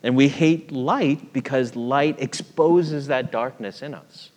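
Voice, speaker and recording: Conversational pastor in an echoing hall. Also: male voice, medium pitch, slow, a little mellow. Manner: conversational, asks the congregation questions, storytelling. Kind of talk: sermon. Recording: long hall reverb.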